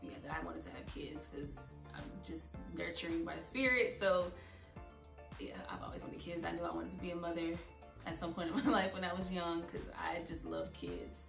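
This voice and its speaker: A woman's voice: fairly low pitch, lively intonation, moderate pace, vocal fry. A young woman speaking earnestly and openly emotional in a personal vlog. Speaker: vlogger. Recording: echoey room, a bit far from mic, soft music.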